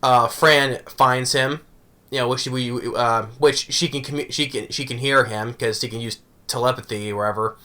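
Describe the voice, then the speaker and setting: Guy with a bright voice going over an anime episode, rambly, keeps saying right?. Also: medium pitch, fairly even intonation, normal speed. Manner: rambling, often asking "right?". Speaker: anime reviewer. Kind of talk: casual episode review.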